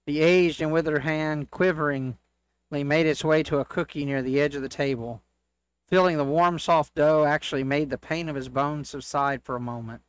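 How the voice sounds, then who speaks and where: A man reading church jokes aloud as a co-host, in a steady storytelling delivery. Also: on the high side, normal speed, smooth.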